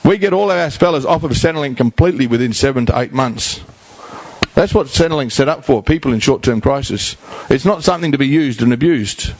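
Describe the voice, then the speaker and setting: A man's voice: mid-range voice, expressive, a little fast. Blunt Australian man preaching tough love. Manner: blunt, emphatic, repetitive, colloquial. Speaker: rehab house founder speaking at a community forum. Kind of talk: blunt public talk.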